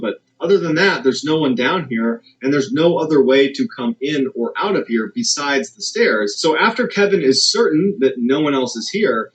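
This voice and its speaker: A man narrating a dramatic true scary story, building suspense as he goes. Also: poor audio. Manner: suspenseful, builds tension with rising pitch.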